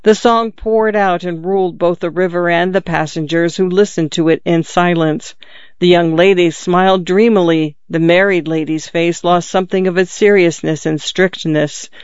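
High, smooth-voiced male narrator. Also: no room sound. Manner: measured, expressive reading. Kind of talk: scripted narration. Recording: slightly dull, dry lo-fi recording.

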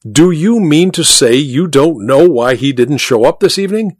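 A man voicing an excitable, well-dressed gentleman who rushes in with alarming news. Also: a little high, slightly rough, no room sound, studio quality. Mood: agitated. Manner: excited, insistent, breathless urgency. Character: excitable dapper gentleman bearing urgent news.

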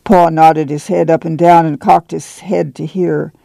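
A man reads a novel aloud for radio with a gravelly, mellow voice. His delivery is steady and plain, and the dialogue gets a folksy touch. The sound is close and dry. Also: fairly high pitch, unhurried, no room sound. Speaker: volunteer reader.

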